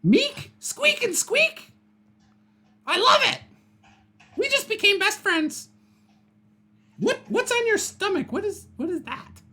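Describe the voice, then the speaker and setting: A woman's voice: very high voice, sing-song, slow pace, long pauses, sharp tone, heavily acted. A woman voicing a jittery little male goblin scout who chatters eagerly and stammers over repeated words. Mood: excited chatter.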